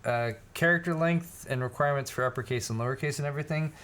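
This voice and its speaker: A man hosting a casual livestream chat, easygoing and quick to laugh as he reads out viewer messages. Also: fairly high pitch, a bit bright. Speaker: host.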